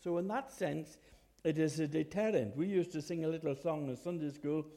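Male preacher, earnest and chatty, restarts a lot, mellow warm voice. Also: fairly high pitch, moderate pace. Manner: earnest, conversational, with hesitant restarts. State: occasional cough. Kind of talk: sermon.

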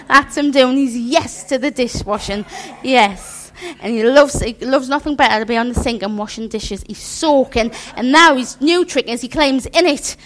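A woman's voice: fairly high pitch, normal speed, fairly bright tone, slight background noise. A middle-aged woman preaching at church, sharing personal stories in a conversational, chuckling way. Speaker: church speaker.

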